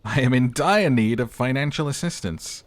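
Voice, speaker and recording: A man's voice: medium pitch, no echo, voice pushed up, close to an everyday voice. A man playing a flustered amnesiac detective. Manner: halting, flustered.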